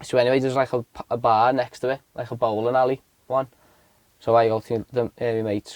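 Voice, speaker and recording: Speaking briskly in a mid-range voice with no echo, a podcast co-host from Southport near Liverpool spins a rowdy story. He's an animated storyteller who curses heavily and mimics the voices of everyone involved, all in a relaxed, chatty way.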